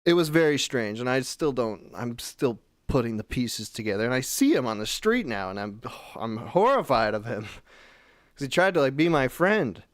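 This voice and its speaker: A man's voice: medium pitch, big pitch swings, moderate pace, no room sound, clean studio sound. A man calling in to a talk show, telling a story in a rambling, casual way with many restarts. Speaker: caller.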